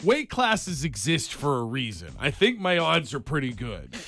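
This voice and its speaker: A man's voice: medium pitch, wildly swooping pitch, normal speed, creaky, sharp tone. A man co-hosting a morning radio show, joking and commenting on the callers. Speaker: co-host.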